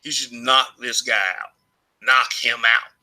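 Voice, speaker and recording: A man's voice: medium pitch, flat delivery, a little slow, pushed and bright, low-quality recording. A man from Alabama giving his opinions in a casual vlog monologue, rambling, restarting phrases and chuckling often. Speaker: vlogger.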